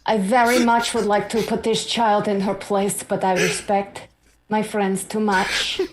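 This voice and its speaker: A woman playing a tabletop game, boasting in a deadpan way. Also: medium pitch, a little slow, noisy background. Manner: deadpan, matter-of-fact boasting. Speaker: player. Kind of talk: tabletop role-play.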